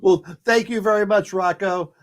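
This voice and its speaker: A man's voice: high-pitched, steady tone, moderate pace. A man hosting a talk show in drag, asking questions and laughing often. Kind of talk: casual chat.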